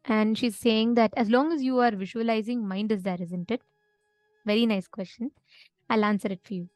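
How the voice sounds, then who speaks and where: A woman's voice: fairly high pitch, steady tone, normal speed, darkish tone, no echo. Earnest woman teaching a live session. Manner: earnest, explanatory, checks in with listeners often. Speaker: spiritual session instructor.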